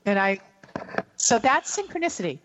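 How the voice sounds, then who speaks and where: A woman's voice: mid-range voice, big pitch swings, moderate pace, a bit bright, rough recording. A middle-aged woman telling a long story on a radio show, rambling and emotional, with many fillers and restarts.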